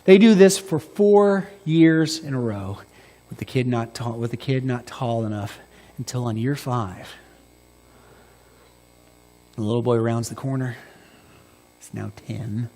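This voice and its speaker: A man preaching a sermon as pastor, telling a story with animated swings from loud emphasis to hushed tones. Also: mid-range voice, measured pace, in a large hall.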